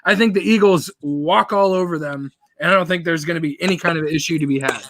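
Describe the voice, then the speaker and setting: A man's voice: fairly high pitch, quick pace, a bit bright, a little hiss or hum. A man co-hosting a casual sports podcast, talking loosely and asking questions about the teams. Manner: loose and conversational, asks questions. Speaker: podcast co-host.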